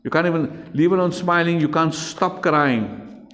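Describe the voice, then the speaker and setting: A man's voice: a little high, a little slow, a bit bright, long reverb tail. A man with a South African accent teaching a religion class to children, emphatic and repetitive, speaking straight to his pupils. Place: school classroom.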